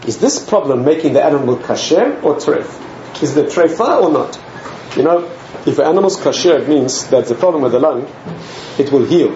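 A man's voice: medium pitch, a little hiss or hum. A man, a rabbi, telling stories in a humorous lecture and acting out the characters. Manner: animated, acts out the characters, chuckles at his own jokes. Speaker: rabbi giving a talk. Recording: roomy, slightly muffled recording.

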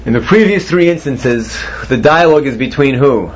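A man's voice: mid-range voice, lively intonation, moderate pace, a little hiss or hum. A man teaching a Torah class, posing questions to his students and mixing Hebrew terms into his explanations. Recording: dull lo-fi recording.

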